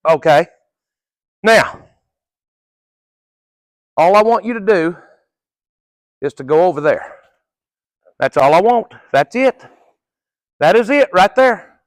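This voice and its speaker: A man's voice: high voice, animated, slow pace, long pauses, no echo. A middle-aged man working as a horse trainer, coaching viewers through a live training session in a folksy, casual way with the odd curse word.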